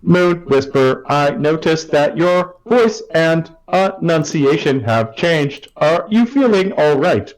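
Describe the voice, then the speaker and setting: Stiff robot-like construct, slow and formal, a man putting it on for a tabletop game. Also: a little high, expressive, poor audio.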